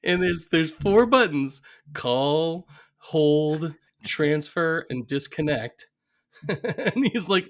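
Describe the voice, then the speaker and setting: A man's voice: on the high side, lively intonation, very slow. A man co-hosting a podcast in casual chat, animatedly retelling scenes and laughing often. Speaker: podcast co-host. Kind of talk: casual chat recapping an episode.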